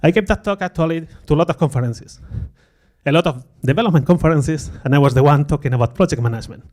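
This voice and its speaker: A man's voice: on the high side, fast, darkish tone. Candid self-deprecating male conference speaker. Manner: acts out quoted remarks in a livelier voice. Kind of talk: conference talk. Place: conference stage before an audience.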